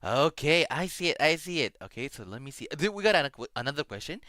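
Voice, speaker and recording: An excitable man chatting casually as a stream guest, his pitch swooping all over as he talks. His tone is bright and forceful, and he stumbles through plenty of fillers. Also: fast, no echo, studio quality. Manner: excitable, laughs loudly, many fillers. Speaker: guest Vtuber. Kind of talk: casual collab stream chat.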